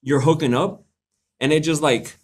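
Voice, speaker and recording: A man's voice: fairly high pitch, steady tone, normal speed, darkish tone. A young man hosting a live question-and-answer stream, chatting casually in a laid-back, joking, slangy way and laughing often. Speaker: livestream host answering viewer questions.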